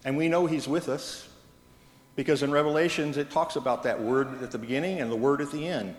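A pastor preaches a sermon in a church sanctuary, telling stories in a plain, conversational way. His voice is fairly high and brisk, and the hall around him is echoey and reverberant.

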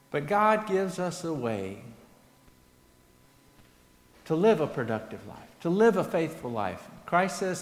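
A pastor giving a sermon in a church, earnest, pushing his questions up and letting his statements fall soft. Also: high voice, sing-song, takes it slowly, pauses often. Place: church sanctuary. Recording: echoey church hall with long reverb.

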